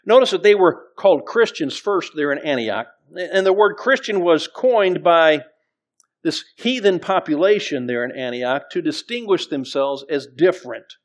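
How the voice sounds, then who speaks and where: A man's voice: a little high, expressive, normal speed. A middle-aged man preaching as pastor, conversational, with frequent restarts and scripture readings. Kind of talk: sermon.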